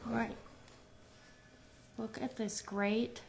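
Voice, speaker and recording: A woman's voice: a little high, little pitch movement, takes it slowly, vocal fry, darkish tone, slight background noise. A woman hosting a casual makeup tutorial, chatting through each step in a rambling way and restarting her phrases. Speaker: beauty brand host demonstrating makeup.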